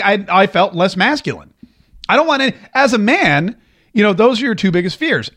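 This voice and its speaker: Broadcasting from his home studio, a Jacksonville, Florida area man runs his own radio and podcast show and spins a rambling, self-mocking tale in a joking, casual comedic monologue. His voice is on the high side with a fairly bright tone.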